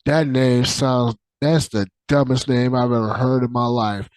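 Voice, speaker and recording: This podcast host's casual rant comes at a measured pace with hardly any pauses, his mid-range voice recorded dry. He's animated and profane, says the same things over, restarts often, and lets sentences dissolve into filler words.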